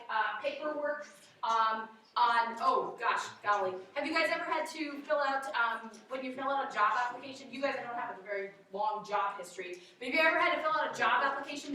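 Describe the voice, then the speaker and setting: A woman's voice: high voice, pushed and bright, far from the mic, a little hiss or hum. A woman teacher giving a classroom lecture, chatty and checking in with her students with frequent okays. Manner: conversational, frequent "okay?" check-ins. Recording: very echoey classroom.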